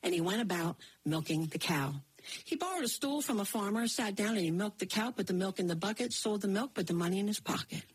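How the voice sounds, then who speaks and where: A woman storyteller telling a folktale aloud, animated, with rhythmic repeats and spoken sound effects. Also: mid-range voice, brisk, husky.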